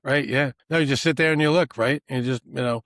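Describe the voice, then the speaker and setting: A man's voice: medium pitch, fast, a bit bright, no echo, studio quality. A man co-hosting a podcast in casual chat, with a loose, "you know"-filled way of talking. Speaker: podcast co-host.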